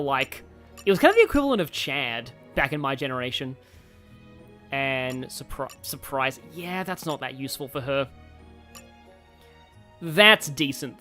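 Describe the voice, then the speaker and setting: A man's voice: on the high side, sharp tone. A man streaming a game, thinking aloud in a rambling casual way with many fillers. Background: faint game music.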